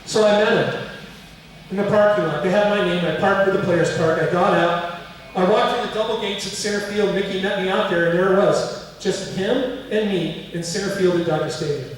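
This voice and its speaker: A middle-aged man giving a museum talk and telling animated personal anecdotes, acting out quoted voices along the way. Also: high voice, fairly quick, a little hiss or hum. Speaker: museum speaker. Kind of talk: storytelling lecture. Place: museum hall. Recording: echoey hall, distant mic.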